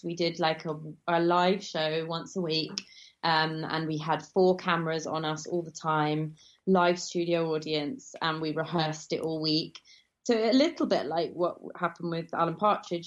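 A woman's voice: on the low side, highs cut off. A woman from England, an actress talking casually as an interview guest, chatty and rambling with many fillers and restarts.

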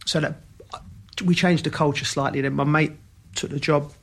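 Gravelly man. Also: on the high side, normal speed. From Kentish Town, London. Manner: lively storyteller who acts out quoted dialogue. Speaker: podcast co-host, former footballer. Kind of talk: casual podcast chat.

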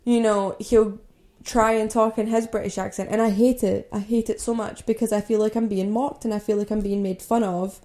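A woman's voice: medium pitch, level tone, normal speed, mellow. A young woman from Scotland hosting a podcast, telling a personal story in a candid, conversational way with lots of "like" and "you know". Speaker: podcast host.

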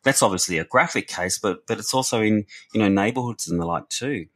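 A man's voice: lowish voice, a little fast, fairly bright tone. A man, a researcher and former youth worker, talking earnestly and reflectively in a podcast discussion, often restarting his words.

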